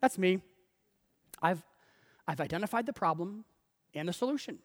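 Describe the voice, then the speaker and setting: A man's voice: sits high, expressive, normal speed, long reverb tail. A man voicing an exasperated, bossy woman complaining indignantly to Jesus, as a quote in a sermon.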